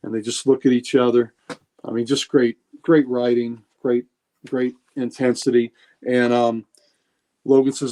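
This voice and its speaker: Male podcast co-host, mid-range voice, halting and enthusiastic storyteller. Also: medium pitch, little pitch movement, dark tone. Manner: retells comic scenes, many restarts and fillers. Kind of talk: casual podcast chat.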